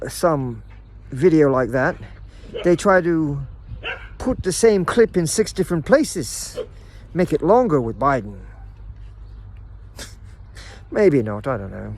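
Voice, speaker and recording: A middle-aged man talks straight to his viewers in a loose, rambling vlog. He stammers and restarts as he goes. His voice sits fairly high and leaps up and down. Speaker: vlogger. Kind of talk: casual rambling monologue.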